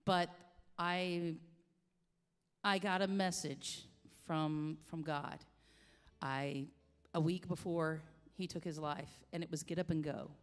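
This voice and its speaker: A woman's voice: sits low, steady tone, smooth. Heartfelt woman in her forties, echoey room. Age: 40s. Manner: halting, heartfelt, full of restarts. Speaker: singer-songwriter guest. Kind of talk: personal storytelling in conversation. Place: coffee shop. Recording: long reverb, echoey room.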